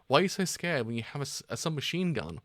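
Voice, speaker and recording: A man's voice: medium pitch, sing-song, fast, a bit bright, no room sound. A man voicing a flustered male thug in a manga read-aloud, pleading in a raised voice.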